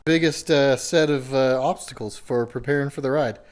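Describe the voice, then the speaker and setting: A man's voice: mid-range voice, moderate pace. A man hosting his own car vlog, talking casually and rambling a little with many fillers, walking through prep in his garage. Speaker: car vlogger. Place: home garage.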